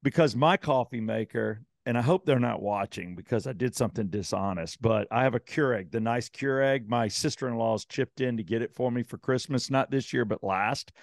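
A man with a gravelly, creaky voice co-hosts a podcast and tells a long, rambling story full of swearing. His voice sits at an ordinary pitch. It is recorded close and dry. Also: normal speed, hardly any pauses, dry recording. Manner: rambling, swears, animated retelling. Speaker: podcast co-host. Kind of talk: casual storytelling chat.

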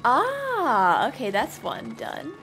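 A high-voiced woman talks slowly through a casual let's-play, exclaiming excitedly and teasing herself. Music and sound effects from the game fill the background.

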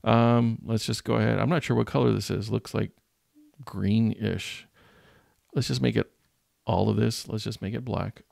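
A man's voice: on the low side, steady tone, moderate pace, gravelly, darkish tone, no room sound, studio quality. A man who teaches, talking through a screen-recorded design tutorial in a jokey, self-mocking way while he thinks aloud. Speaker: teacher and channel host.

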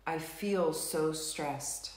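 A woman coaching a live tapping session, saying slow, repeated affirmations for viewers to echo. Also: low voice, a little mellow. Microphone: live stream recording.

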